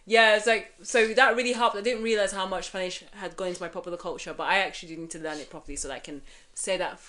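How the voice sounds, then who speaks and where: A young woman co-hosting a pop-culture podcast, with a bright, forceful voice. She chats freely and jumps in with quick reactions. Her talk is casual and lively. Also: mid-range voice. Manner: chatty, quick reactions, laughs easily. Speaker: podcast co-host.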